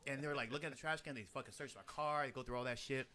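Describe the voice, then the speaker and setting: Fast, bright-voiced man telling a story. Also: mid-range voice, a little hiss or hum. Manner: animated storytelling, heavy swearing, acts out quotes and sound effects. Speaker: podcast co-host. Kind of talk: casual chat.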